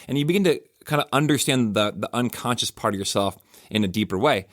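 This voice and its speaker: A middle-aged man, a pastor musing in a casual, animated podcast talk full of fillers and restarts. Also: medium pitch, quick pace, no echo, studio quality.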